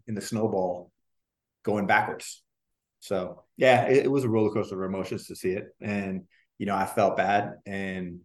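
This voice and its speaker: A man in an interview telling casual stories about his music career, rambling with restarts and the odd swear. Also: sits low. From Orlando. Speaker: guest, former boy band member.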